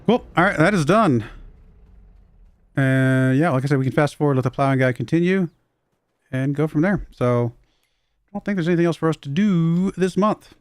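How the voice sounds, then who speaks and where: Streaming a farming game, a man with a slight Southern US accent chats loosely and chuckles often. His voice sits on the high side, his pace is moderate with frequent pauses, and there's no room sound behind his rambling livestream commentary.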